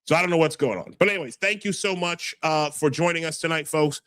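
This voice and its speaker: A man's voice: a little high, fast talker, fairly bright tone, smooth. A man with a New York accent hosting a casual livestream, brash and stammering as he reads chat aloud. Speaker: podcast host.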